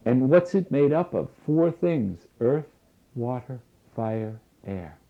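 A man giving a spiritual lecture in a slow, deliberate way, repeating key phrases for weight. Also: medium pitch, animated, gravelly. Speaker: spiritual teacher. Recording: tinny phone-like lo-fi recording.

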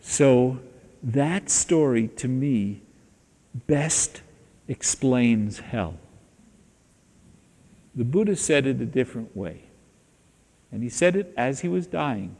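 Slow, deliberate male spiritual teacher. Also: medium pitch, animated, dark tone, in a large hall. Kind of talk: spiritual teaching talk with stories.

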